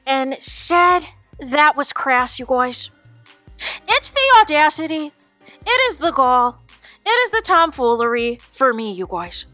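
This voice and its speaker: A woman's voice: high voice, sing-song, moderate pace, sharp tone, no echo, faint music behind. A woman hosting a reality-TV reaction channel, chatting casually to viewers and calling them "you guys". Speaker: YouTube reaction host.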